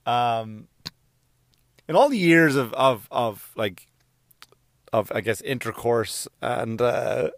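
A man's voice: medium pitch, animated, takes it slowly, dry recording, studio quality. A middle-aged man hosting his own podcast, rambling through a comedic monologue with self-deprecating asides and sudden sung outbursts. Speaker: podcast host. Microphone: podcast microphone.

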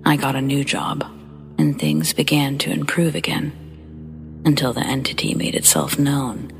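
A woman hosting a horror story show, reading first-person accounts in a hushed, breathy whisper with a slow, measured delivery. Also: low-pitched. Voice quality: breathy whisper with gravelly fry. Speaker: horror story narrator and host.

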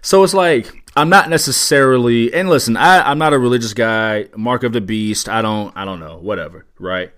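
A man co-hosting a podcast in casual chat, ranting in a profane, excitable way. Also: mid-range voice, normal speed, hardly any pauses. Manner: profane, excitable, riffing rants. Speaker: podcast co-host.

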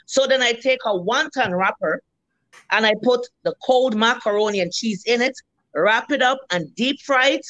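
A Jamaican woman in her fifties, a restaurant owner, telling lively stories in a casual interview, blunt and salty. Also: a little high, normal speed, no echo, poor audio. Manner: lively storyteller, blunt and salty, acts out what people said.

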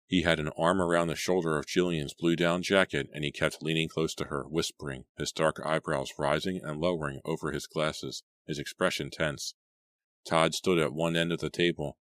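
A man reading an audiobook aloud in a measured, even way. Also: a bass voice, no echo. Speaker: audiobook reader. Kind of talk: audiobook narration. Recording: dry close recording.

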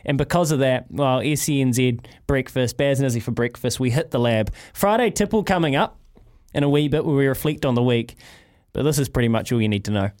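A man's voice: medium pitch, fairly quick, a little mellow. A man with a New Zealand accent hosting a sports radio breakfast show, joking and laughing as he talks. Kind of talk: lively sports radio banter. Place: radio studio.

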